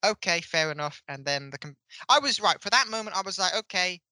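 Guy with a super bright tense voice, ranting and exasperated, dry close sound. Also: high voice, animated, fast talker, no echo, low-quality recording. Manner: exasperated, ranting, laughs often. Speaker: podcast co-host. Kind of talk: casual review chat.

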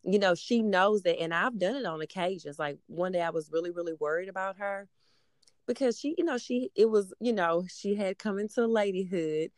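A woman's voice: medium pitch, normal speed, no room sound, studio quality. A woman in her thirties, a mother, talking casually and rambling with many fillers. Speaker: mother of a middle-school daughter. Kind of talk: casual conversation.

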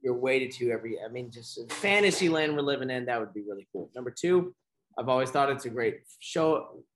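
A man co-hosting a casual podcast, chatting in a relaxed way. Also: medium pitch, brisk, a little hiss or hum. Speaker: podcast co-host. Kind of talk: casual chat.

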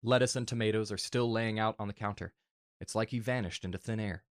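A man earnestly reading a fan story aloud in a soft, emotional way. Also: fairly low pitch, fairly even intonation, fairly quick, no room sound, studio quality. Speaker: narrator.

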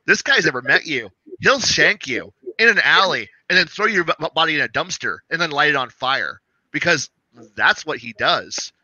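A man co-hosting a casual chat about running tabletop games, talking in an animated way, swearing and acting out what players say. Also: fairly high pitch, moderate pace, breathy edge, no room sound. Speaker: game master, podcast co-host. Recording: dull, lo-fi and dry.

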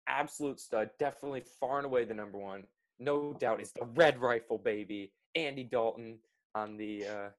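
A man's voice: mid-range voice, moderate pace. A man co-hosting a casual podcast, talking with many fillers. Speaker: podcast co-host. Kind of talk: casual chat.

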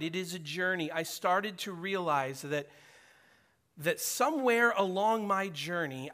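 A man's voice: sits high, pushed and bright. A middle-aged man preaching a sermon in a conversational way, acting out prayers and dialogue as he speaks. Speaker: pastor.

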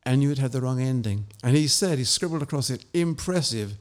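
A man reads his short story at an even, middle pitch. He then talks about his writing in a measured, anecdotal way, with small restarts. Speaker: author and interview guest. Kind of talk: story reading and casual interview.

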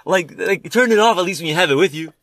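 Fast-talking young man telling stories. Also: sits high, no room sound, studio quality. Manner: fast, animated storytelling, heavy swearing and filler. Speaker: friend chatting about movies. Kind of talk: casual chat.

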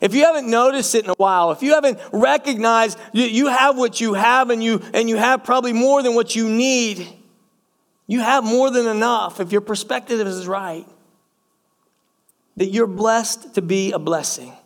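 Man, pastor, sermon, high-pitched, emphatic, repeats phrases, talks to the congregation. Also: moderate pace. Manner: speaks directly to the congregation as church.

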